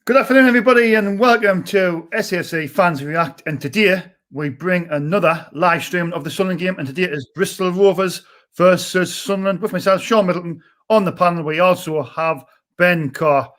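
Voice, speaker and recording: A man's voice: high-pitched, a bit bright. A man opening a fan live stream and chatting loosely, reading out a team list. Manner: loose, halting, reads lists out plainly. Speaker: host. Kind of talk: casual live-stream chat.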